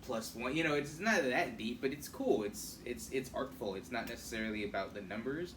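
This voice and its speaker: A man's voice: medium pitch, expressive, brisk, a bit bright. A man co-hosting a podcast, rambling and hesitant, stumbling through restarts. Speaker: podcast co-host. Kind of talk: casual chat. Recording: distant mic with faint noise.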